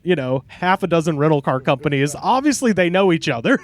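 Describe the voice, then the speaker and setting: A man hosting a podcast, telling a story in a casual, animated way, laughing often and swearing freely. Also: on the high side, a little fast. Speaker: podcast host. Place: outdoors in a park.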